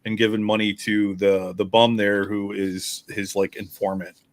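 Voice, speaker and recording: Low-voiced man explaining comic pages. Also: little pitch movement, moderate pace. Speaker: comic podcast co-host. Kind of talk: casual chat.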